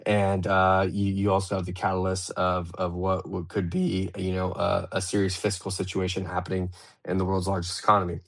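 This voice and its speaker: A man's voice: deep voice, completely flat delivery, moderate pace, vocal fry, fairly bright tone. A man hosting a live audio panel, talking through markets in a loose, rambling way with lots of fillers and restarts. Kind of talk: casual market discussion. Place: remote live audio room.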